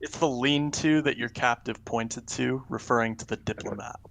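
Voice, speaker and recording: Male game master, casual narration with fillers, crisp bright tone. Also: medium pitch, moderate pace. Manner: relaxed, many fillers.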